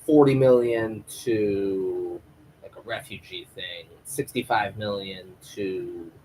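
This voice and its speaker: A man's voice: lowish voice, slow pace, slight background noise, low-quality recording. A man recapping a TV episode live, rambling and swearing freely as he retells the plot. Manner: rambling, profane, animated. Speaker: TV show reviewer.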